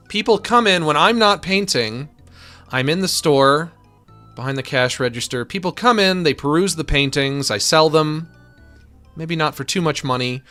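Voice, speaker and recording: A man's voice: a little high, a bit bright. A man giving casual, rambling commentary while drawing, joking and swearing freely. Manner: rambling, jokey, profane. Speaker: streamer.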